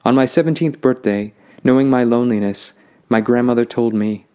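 A man narrating a fantasy story in a calm, lyrical way. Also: mid-range voice, a little fast, clear, resonant tone.

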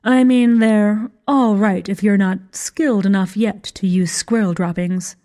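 Casting: a woman as a slow, drawling, condescending witch mother. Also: medium pitch, fairly even intonation, mellow, natural voice. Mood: dismissive. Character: languid dark-haired witch mother.

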